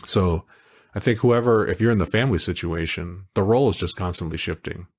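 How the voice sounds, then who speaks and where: A man co-hosting a podcast, talking in a casual, animated way that wanders through stories. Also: sits low, a little fast, slightly rough. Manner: animated, storytelling, digressive. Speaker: podcast co-host. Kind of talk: casual chat.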